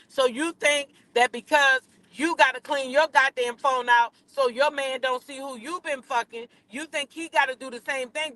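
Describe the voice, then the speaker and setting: A woman's voice: high voice, sharp tone, no room sound. A woman hosting a casual gossip commentary, talking in a sassy, emphatic way and repeating her points for effect. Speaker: commentary channel host.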